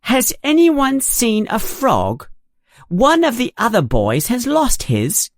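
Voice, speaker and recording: A narrator voicing a bossy, fast-talking know-it-all schoolgirl in a children's story, pitching the voice higher. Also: huge pitch swings, dry recording, studio quality, heavily acted. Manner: quick and bossy.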